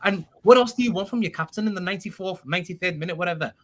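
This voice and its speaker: A man's voice: high voice, a bit bright. A man chatting casually about football as a podcast co-host, enthusiastic and full of praise. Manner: enthusiastic, admiring, quick.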